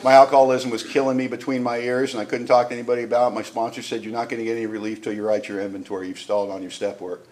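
A man sharing his recovery story at a meeting, telling it as an animated storyteller who acts out the voices in his quotes. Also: mid-range voice, rapid-fire, few pauses.

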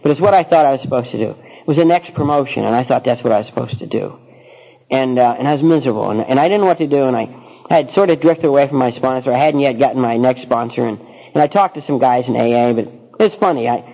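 A man's voice: mid-range voice, gravelly, warm tone, poor audio. A middle-aged man telling a personal recovery story, rambling with many false starts. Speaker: speaker sharing recovery story.

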